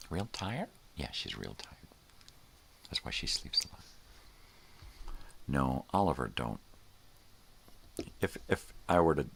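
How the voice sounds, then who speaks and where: Gravelly, very deep older man rambling. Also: a bit bright, a little hiss or hum. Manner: rambling and laid-back, drifting between topics, often trailing into mumbles. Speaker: host. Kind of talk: casual morning livestream chat.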